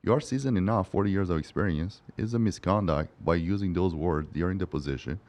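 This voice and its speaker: A man with a fairly low voice tells courtroom stories at a brisk clip in a relaxed interview. He jumps up in pitch to act out the people he quotes and often breaks into laughter. His English has a non-native turn of phrase. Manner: animated, acts out quotes in a raised voice, laughs often. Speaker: guest, personal injury lawyer. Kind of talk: casual storytelling interview.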